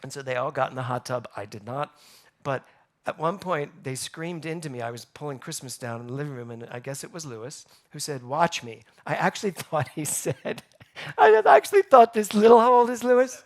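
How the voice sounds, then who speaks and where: A man delivers a Sunday sermon as pastor, his voice pitched a little high. He swings between quiet reflection and animated storytelling, asking the room questions as he goes. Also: brisk. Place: church sanctuary.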